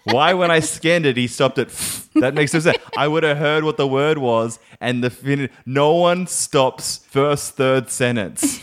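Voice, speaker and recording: A man's voice: a little high, a little slow, hardly any pauses. A man co-hosting a podcast, chatting casually and acting out silly voices as he jokes. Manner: animated, jokey, acts out silly voices. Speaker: podcast co-host. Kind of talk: casual chat.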